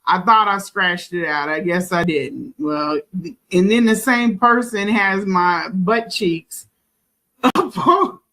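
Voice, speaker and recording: A woman telling a story casually in a halting way, stopping and restarting her sentences. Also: lowish voice, bright, forceful tone, low-quality recording. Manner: halting, restarts, nervous laughs.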